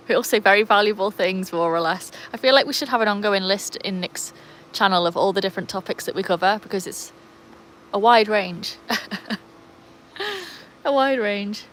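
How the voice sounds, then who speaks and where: An English woman chats easily on a livestream, reading out viewer comments and answering them one after another. Her voice sits at an ordinary middle pitch. Faint outdoor ambience stays under her. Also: moderate pace, pauses often, a bit bright, a little hiss or hum, rough recording. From England. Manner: chatty, reads out viewer comments and greets them by name; baby-talks and calls to the dogs. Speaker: livestream host with dogs. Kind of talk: casual livestream chat. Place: outdoors by a pool in sunshine.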